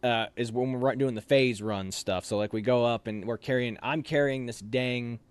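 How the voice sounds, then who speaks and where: In a casual interview, an officer candidate tells a story full of fillers, animatedly performing the voices of the people in it. His mid-range voice moves at normal speed with a clean tone, and there's no room sound.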